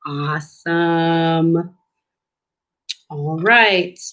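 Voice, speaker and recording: A woman's voice: sits low, fairly bright tone. A woman reading a picture book aloud to young children as a speech clinician, teaching new words in an encouraging teacher voice. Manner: slow, sing-song, encouraging teacher talk with drawn-out words. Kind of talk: children's storybook read-aloud lesson.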